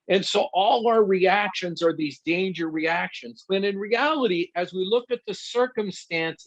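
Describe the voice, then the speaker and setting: A middle-aged man, a guest pastor and counselor, teaching conversationally through personal stories and laughing at himself. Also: high-pitched. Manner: animated storyteller who laughs at himself. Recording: dull lo-fi dry sound.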